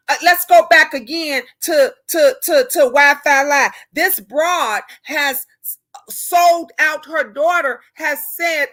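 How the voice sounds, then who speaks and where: A woman's voice: high voice, pushed and bright. A woman hosting a live stream, ranting in a fiery, preachy way and repeating rhetorical questions to her viewers. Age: older.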